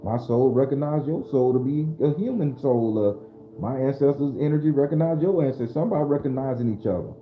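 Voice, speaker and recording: A man's voice: medium pitch, a little fast, mellow, echoey room, faint music behind. A man hosting a casual live-streamed spiritual talk, loose and preachy, speaking straight to his viewers. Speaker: spiritual livestream host.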